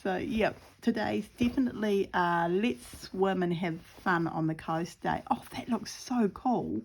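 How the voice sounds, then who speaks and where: A middle-aged woman chatting casually in a vlog, rambling and animated, acting out her pets and the birds. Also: mid-range voice, unhurried, vocal fry. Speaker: crafting vlogger.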